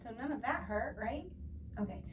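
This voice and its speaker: A woman's voice: a little high, expressive, normal speed, distant mic, muffled recording. A woman coaching a singing student, explaining patiently and encouragingly with plenty of fillers. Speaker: voice teacher. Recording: from across the room, with music behind.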